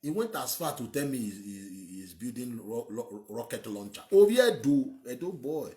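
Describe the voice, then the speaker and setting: A man's voice: mid-range voice, very animated, normal speed, mellow. A man with a Nigerian accent, hosting and giving an emphatic, rambling opinionated monologue. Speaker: host.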